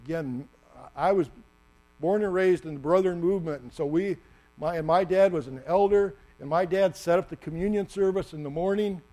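Male preacher, high-pitched, animated storytelling delivery, slight mains hum. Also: moderate pace. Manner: animated, acts out the story with sudden loud bursts. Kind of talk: sermon.

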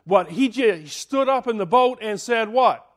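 A man preaching a sermon, dramatic, swinging from loud to hushed and asking the listeners questions. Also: sits high, animated, moderate pace.

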